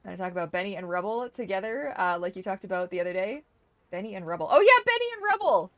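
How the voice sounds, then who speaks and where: A young woman streamer giving casual gameplay commentary, chatty, swearing freely and exclaiming loudly at the game. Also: mid-range voice, no echo. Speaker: gaming streamer.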